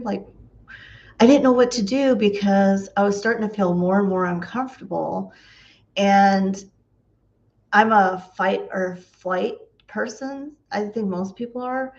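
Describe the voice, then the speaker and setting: A woman vlogger tells stories in a casual, chatty way, acting out the voices in each exchange and laughing often. Her pitch sits mid-range for a woman. The recording is slightly dull, with a lo-fi edge. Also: takes it slowly, a little mellow. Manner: chatty, laughs often, acts out quoted dialogue. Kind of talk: casual storytelling.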